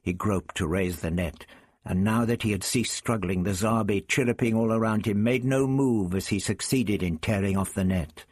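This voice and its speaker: Husky man narrating dramatically. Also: on the low side, moderate pace, no room sound, studio quality. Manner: dramatic, expressive reading. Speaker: audiobook reader. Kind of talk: scripted narration.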